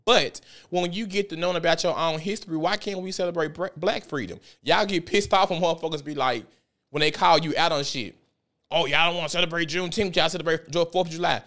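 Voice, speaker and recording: Animated young Memphis man, profane storyteller. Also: a little high. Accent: Southern US, Memphis. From South Memphis, Tennessee. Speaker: podcast host. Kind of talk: casual podcast monologue.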